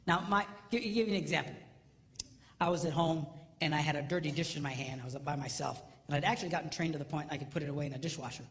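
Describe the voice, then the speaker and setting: Talking fast in a slightly high voice, a middle-aged marriage seminar speaker delivers a funny talk about marriage. He animates his stories with mimicked voices, jokes and punchlines, and the recording has long hall reverb plus faint noise.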